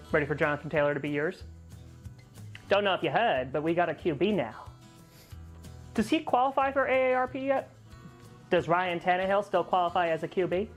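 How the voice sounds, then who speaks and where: A man doing taunting football-fan rivals over soft music. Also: high-pitched. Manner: taunting, mocking banter. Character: trash-talking grown male football fans. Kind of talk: comedy sketch acting.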